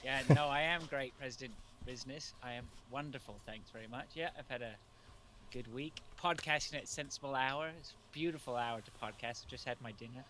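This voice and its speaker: A man co-hosting a podcast from home in Canada, joking with dry, deadpan sarcasm. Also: mid-range voice, a little fast, a crowd in the background. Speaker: podcast co-host. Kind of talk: casual podcast chat.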